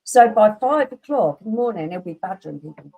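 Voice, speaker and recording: Woman, mellow tone, earnest chatty co-host. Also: mid-range voice, animated, brisk, slightly rough, poor audio. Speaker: live stream co-host. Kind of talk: casual chat.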